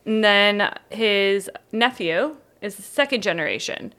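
A woman co-hosting a casual podcast tells a story in a mid-range, fairly bright voice with lively intonation and an unhurried pace. She's giggly, laughing often and restarting frequently as she chats.

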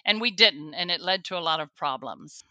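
A woman's voice: on the low side, animated, normal speed, sharp tone, dry recording. A woman, a guest on a faith show, telling her own story earnestly, with restarts and the odd laugh. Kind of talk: personal testimony interview.

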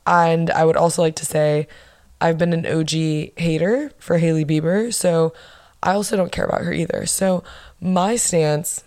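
A young woman hosting her own podcast, chatting casually and bluntly with lots of swearing and animated bursts of emphasis. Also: low voice. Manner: blunt, profane, gossipy. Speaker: podcast host. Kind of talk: casual solo podcast chat.

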